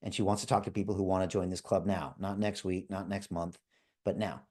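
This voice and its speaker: A middle-aged man hosting a live online call, making an urgent, repetitive sales pitch and checking in with "okay?" and "right?". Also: flat delivery, brisk, darkish tone. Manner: urgent, repetitive tag questions. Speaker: livestream host selling a crypto course.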